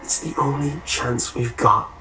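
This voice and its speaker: A man's voice: mid-range voice, a little slow, sharp tone, soft background music, pitched above the performer's own voice. A man voicing a blunt, commanding teenage boy in a storytelling recording. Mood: firm. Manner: curt, commanding. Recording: roomy echo, faint hiss.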